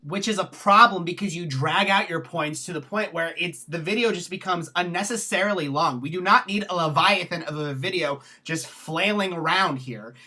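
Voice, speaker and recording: A woman's voice: lowish voice, moderate pace, hardly any pauses, pushed and bright. A woman giving a blunt, scornful commentary on a video.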